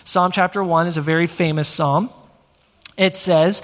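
A man preaching a teaching sermon in a church, energetic and conversational, talking straight to the congregation. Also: fairly high pitch, normal speed. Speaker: pastor. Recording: long reverb of a large hall.

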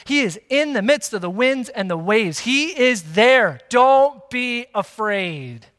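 A man preaching a sermon to a congregation, lively and emphatic, with playful asides. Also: high voice, a little slow. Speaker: pastor. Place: church hall with long reverb. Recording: reverberant church hall.

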